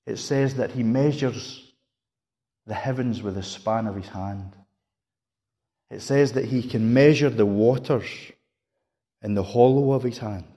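A man delivers a sermon in a mid-range voice. He leans into dramatic emphasis, lifting his voice high for key words and dropping to a near hush for others. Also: measured pace, long pauses. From Scotland. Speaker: preacher.

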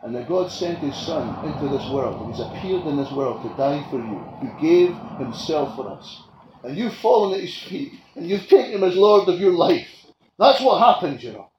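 Passionate male preacher, fairly high voice, big swings from loud declarations to quiet asides. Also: lively intonation, normal speed, muffled recording. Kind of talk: sermon. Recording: echoey room with faint ambient noise.

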